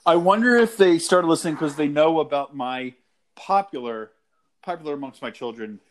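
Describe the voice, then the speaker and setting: Laid-back guy chatting on his podcast, dry jokes, voice a bit on the high side. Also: expressive, moderate pace, a little hiss or hum. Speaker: podcast co-host. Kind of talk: casual podcast chat.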